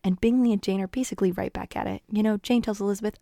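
A woman's voice: medium pitch, fairly quick, vocal fry, dark tone. A young woman gives a casual, chatty retelling of a story. She is playful, laughs often and slips into the characters' lines. The sound is dry and close, with no room echo. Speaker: guest summarizing a novel.

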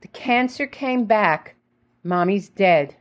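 A woman's voice: medium pitch, expressive, takes it slowly. A woman voicing an adult sister who insistently presses grim family news, with a scolding tone. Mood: pressing. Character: exasperated adult sister delivering bad news.

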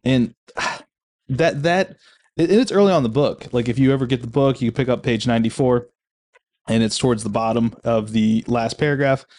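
A man talks through a book he loves in a loose, reflective way. His voice sits at an ordinary pitch, and he often restarts his sentences mid-thought. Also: normal speed, darkish tone. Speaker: book reviewer. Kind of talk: casual book commentary.

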